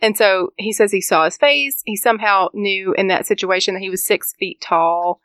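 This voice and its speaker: A woman co-hosting a casual true-crime podcast chat, telling the case with lively asides and frequent laughs. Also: medium pitch, moderate pace, no echo. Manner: animated storyteller, acts out quotes, laughs often. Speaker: podcast co-host.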